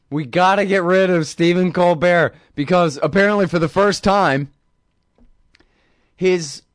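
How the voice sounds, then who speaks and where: A man's voice: medium pitch, no room sound, clean studio sound. A man hosting a show, ranting sarcastically about politics in a rambling, mocking way. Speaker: host. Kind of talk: casual political rant.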